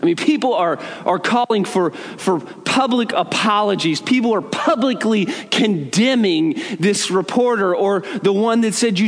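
A middle-aged man telling a humorous, self-mocking story to an audience in a conversational way, full of quick asides and restarts. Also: high voice. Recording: long reverb of a large hall.

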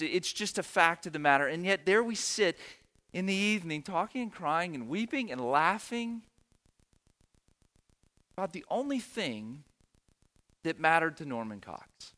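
A man's voice: high-pitched, fairly bright tone. A middle-aged man, a pastor telling a story in a sermon in an earnest, emotional way, repeating phrases for emphasis.

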